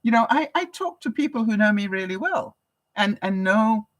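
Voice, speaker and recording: A woman's voice: fairly high pitch, expressive, moderate pace, poor audio. An older woman from Canada, hosting a live vlog broadcast and chatting casually with viewers, laughing often. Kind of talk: casual advice chat to viewers.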